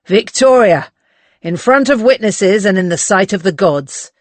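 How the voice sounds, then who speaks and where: Curt domineering master, as a reader puts him on. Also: male voice, high voice, animated, measured pace, dry recording. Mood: solemn. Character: hard domineering brothel master, man.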